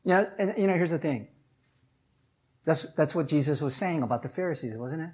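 Husky-voiced conversational preacher. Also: expressive, fairly quick, a little mellow. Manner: conversational preaching with frequent "right?" and "you know?"; rises in pitch and force when stressing a point. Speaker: pastor. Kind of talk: sermon.

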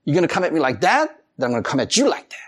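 A man preaching a sermon in an animated way, laughing as he acts out quotes. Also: fairly high pitch, very fast, slightly rough. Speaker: pastor.

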